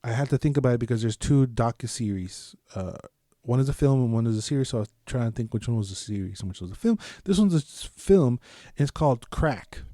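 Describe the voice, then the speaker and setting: A man from the United States hosts a solo podcast in a dark, mellow voice. He rambles casually, swears freely and keeps restarting his sentences. The recording is dry and close, with no room sound. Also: medium pitch, animated, fast talker, few pauses, no echo. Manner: rambling, loose and profane, with frequent restarts. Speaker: podcast host.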